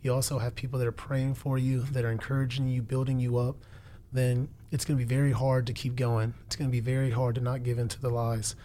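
A man's voice: medium pitch, level tone, fast talker, dark tone, a little hiss or hum. A man in his twenties sharing a faith testimony in conversation, earnest and preacherly, repeating phrases for emphasis. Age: 20s. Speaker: guest.

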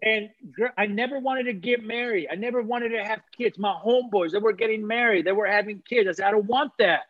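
Man, high voice, heartfelt testimony, preacherly repetition; dry, slightly muffled audio. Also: fairly quick, no room sound. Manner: earnest, preacherly, repeats phrases for emphasis. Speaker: guest sharing testimony. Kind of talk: emotional personal testimony.

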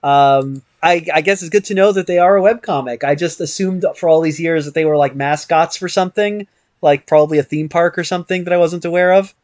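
A man with a notably high voice co-hosts a podcast in a casual chat. He muses, working his thoughts out aloud as he goes. The recording is dry and close. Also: brisk, a little mellow, no room sound. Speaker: podcast co-host. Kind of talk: casual discussion.

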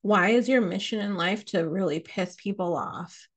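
A woman's voice: medium pitch, normal speed. A young adult woman hosting a podcast, ranting casually and profanely, laughing often. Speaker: podcast host.

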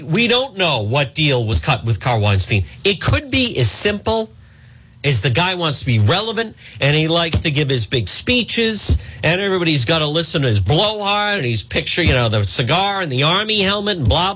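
A middle-aged man hosting an opinionated talk radio monologue, acting out quotes and often clearing his throat. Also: fairly high pitch. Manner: animated, acts out quotes, frequent throat clearing. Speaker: radio talk show host.

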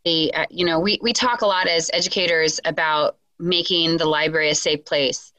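A woman's voice: low-pitched, steady tone, normal speed, pushed and bright, no room sound, rough recording. A woman educator talking thoughtfully and evenly about a book on a podcast. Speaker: educator, librarian. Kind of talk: casual book chat.

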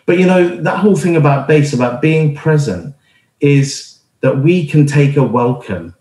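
A man's voice: fairly high pitch, animated, measured pace, a little mellow. A middle-aged man giving an informal sermon, telling a personal story in an earnest, conversational way with many fillers and restarts. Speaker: church planter and speaker. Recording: roomy echo.

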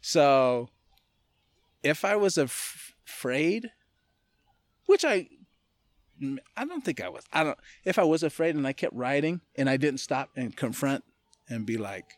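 A man from California, a podcast guest, telling a personal story in a loose, animated way and often laughing as he talks. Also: a little high, no echo. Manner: animated, acts out other people's lines in quick voices. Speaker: podcast guest, martial arts gym owner. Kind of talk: casual storytelling.

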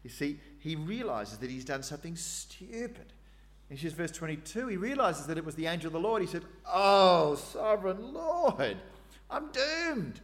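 A man's voice: fairly high pitch, very animated, fairly quick. A man preaching a sermon in a conversational way, acting out the quoted voices with asides. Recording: long hall reverb.

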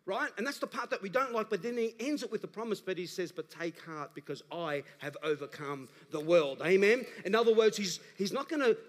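A man, a pastor delivering an animated sermon that rises to emphatic calls to the congregation. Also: high voice, brisk, hardly any pauses. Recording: preached in a large reverberant church hall.

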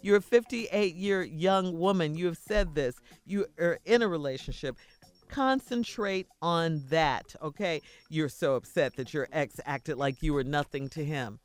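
A woman's voice: deep voice, very animated, unhurried, no echo, faint music behind. A woman co-hosting a radio advice show, blunt and scolding, who repeats her points. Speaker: radio co-host giving advice. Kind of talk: call-in radio advice talk.

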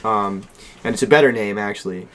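A man's voice: fairly low pitch, brisk, fairly bright tone. A young man hosting a casual podcast with friends, joking and laughing as he banters. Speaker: podcast host.

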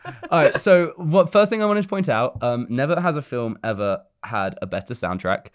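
A man's voice: mid-range voice, animated, brisk. Podcast guy chatting casually, rambly and jokey, laughs a lot. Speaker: podcast co-host. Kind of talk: casual chat.

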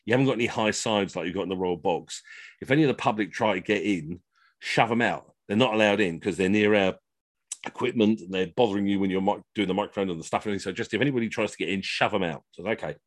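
A man's voice: lowish voice, very fast, no room sound, clean studio sound. A man telling comic stories, chatty and rambling, over a video call. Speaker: costumed entertainer, storyteller. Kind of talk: comic storytelling.

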